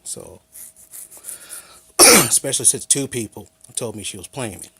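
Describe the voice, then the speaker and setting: A man's voice: mid-range voice, animated, unhurried, pushed and bright, slightly rough. A man telling a personal story in a rambling, aggrieved rant, full of restarts and quotes of what others said. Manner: aggrieved and frank. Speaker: vlogger.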